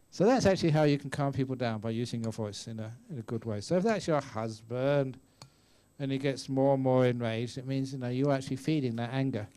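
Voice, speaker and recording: An older man gives a relaxed, story-filled Buddhist talk at a retreat. He chats with his listeners and now and then acts out voices in the stories he tells. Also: mid-range voice, a little fast, smooth. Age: 60s. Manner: chatty storyteller, acts out voices, laughs often. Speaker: Buddhist monk teacher. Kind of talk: dharma talk answering questions. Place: meditation retreat hall.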